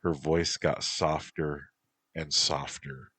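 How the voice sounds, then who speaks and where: Slow, very deep male story reader. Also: a bit bright. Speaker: narrator. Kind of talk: reading a story aloud.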